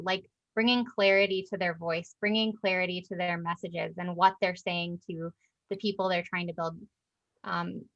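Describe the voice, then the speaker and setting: A woman guest explaining her work in an interview, in a steady, patient way with frequent fillers. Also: medium pitch, muffled recording. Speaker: guest, personal brand specialist.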